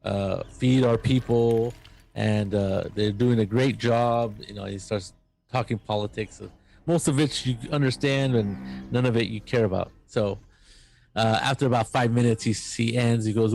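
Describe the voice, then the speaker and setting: A man narrating as game master of a tabletop role-playing game, halting and full of fillers. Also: mid-range voice, steady tone, creaky, a little mellow, soft background music. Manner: halting, filler-heavy narration with quick voices for NPCs.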